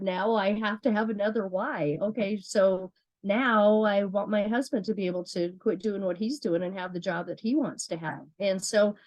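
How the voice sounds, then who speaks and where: A woman's voice: medium pitch, a little mellow, no echo, rough recording. Woman running a sales training, earnest, restarts a lot, dry close sound. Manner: earnest, repeats words, asks herself questions. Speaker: business trainer. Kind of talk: motivational sales training talk.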